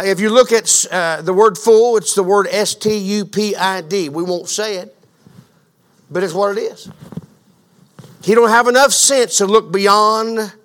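A man preaching a sermon as pastor, asking the congregation questions and building to a fervent, loud delivery. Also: sits high. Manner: grows louder and more fervent.

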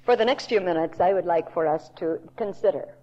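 A woman Bible teacher giving a sermon in a deliberate, emphatic storytelling manner. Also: lowish voice, mellow. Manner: slow, deliberate, emphatic storytelling with quoted voices. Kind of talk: recorded sermon to a women's audience. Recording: dull lo-fi tape recording.

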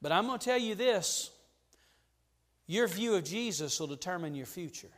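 A man delivers a sermon in a high-pitched voice. He preaches with fervor, sinking to a near hush and then climbing to ringing emphasis. His words trail off into the long reverb of a church hall. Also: lively intonation, normal speed. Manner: fervent, preacherly, swings from hushed to ringing. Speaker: pastor. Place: church sanctuary.

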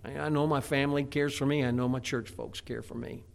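A man's voice: mid-range voice, steady tone, brisk, gravelly. A middle-aged man preaching a sermon in a folksy way, often restarting with stammered repeats. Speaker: pastor.

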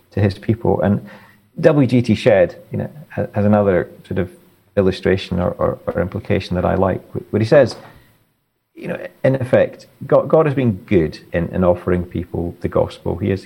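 Deep gravelly guy, earnest, keeps restarting words as he explains. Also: mellow. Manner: earnest, halting with many repeated words. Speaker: author and guest. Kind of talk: theological interview answers.

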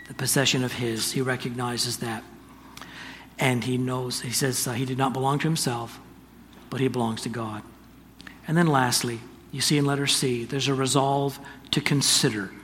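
An older man giving a sermon, telling a personal story in an earnest, halting way with restarts. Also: mid-range voice, fairly bright tone, a little hiss or hum. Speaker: pastor. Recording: distant reverberant hall, faint ambience.

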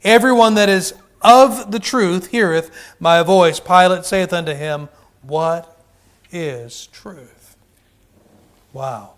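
Male preacher, high voice, fervent sermon delivery with call-outs, roomy hall. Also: unhurried, hardly any pauses. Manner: fervent, calls out to the congregation, many restarts.

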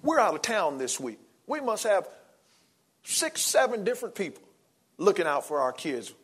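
A pastor in his forties delivers a sermon, shifting from low, quiet reflection to raised, excited preaching. His pace is moderate, and his voice carries a breathy edge.

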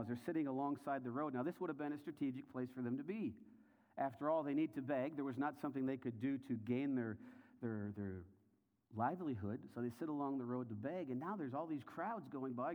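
A man preaching a sermon as a story. He asks the listeners questions, and his voice moves between hushed, low passages and rising, intense ones. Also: phone-quality sound. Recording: long hall reverb.

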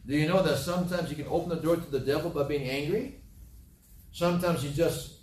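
A man's voice: a little high, a little fast, a little mellow. A middle-aged man preaching a sermon as pastor, telling homely stories with a folksy, repetitive manner. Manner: folksy storytelling, repeats himself. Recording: roomy, from a distant mic, faint ambience.

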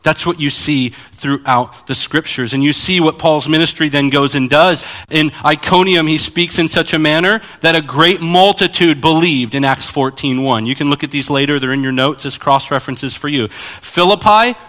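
A man preaching a sermon as pastor, animated and acting out Bible scenes. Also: on the high side, normal speed. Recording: long hall reverb.

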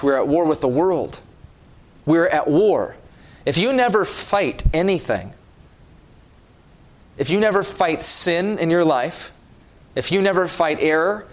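Man, preacher, sermon, slow deliberate pace, emphatic stresses, slightly raised pitch.

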